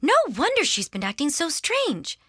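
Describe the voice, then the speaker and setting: In a clean studio recording with no room sound, a woman performs an exaggerated, fretful, doting lady dog owner. She pitches her voice high, above her natural range, with wildly swooping intonation, a fairly bright tone and a moderate pace.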